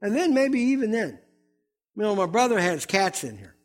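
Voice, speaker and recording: A man's voice: high voice, very animated, moderate pace. A middle-aged man preaching a sermon as pastor, fiery and emphatic.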